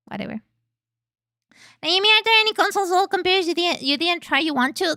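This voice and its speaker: A young woman streams games from home, speaking into a close mic in a very dry room. Her voice sits high and sounds bright and clear. She talks loosely with chat, curses casually, and breaks into sudden squeals while she plays. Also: animated, normal speed, long pauses, dry recording. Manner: chatty and cursing, reading chat aloud, bursts of squeals while playing. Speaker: VTuber streamer.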